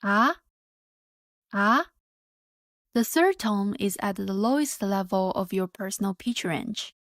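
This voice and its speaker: A woman teaching a pronunciation lesson, modelling each sound carefully and deliberately. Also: medium pitch, darkish tone, no echo, clean studio sound. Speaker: Mandarin teacher. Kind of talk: slow, clear pronunciation lesson.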